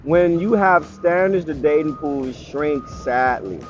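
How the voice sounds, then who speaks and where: A man's voice: on the high side, slow, lo-fi sound, slight background noise. Blunt sarcastic man reacting to clips. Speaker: reaction commentator. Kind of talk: casual reaction commentary.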